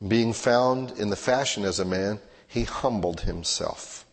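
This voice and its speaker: A male pastor preaching a sermon, swinging from hushed to loud and acting out everyday scenes in quoted voices. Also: fairly low pitch, a little slow, vocal fry. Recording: long hall reverb.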